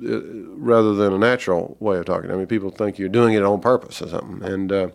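A man from Georgia with a Southern accent, an author talking as an interview guest, thoughtful and halting with many fillers. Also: low voice, steady tone, vocal fry. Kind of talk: reflective interview talk.

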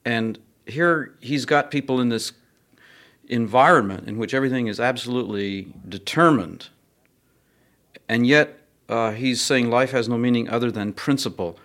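A man speaking as a guest on a radio show, thoughtful and measured as he reflects. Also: mid-range voice, fairly bright tone. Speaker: guest commentator.

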